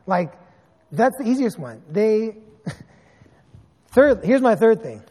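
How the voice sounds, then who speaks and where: A man in his thirties preaching a sermon as a pastor, telling stories in an animated way with sarcastic asides. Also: high-pitched, slow pace, slightly rough, big-room sound.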